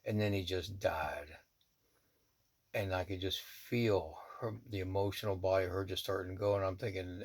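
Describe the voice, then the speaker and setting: A man, a shaman, telling a personal story in a blunt, profane, animated way. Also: sits low, normal speed.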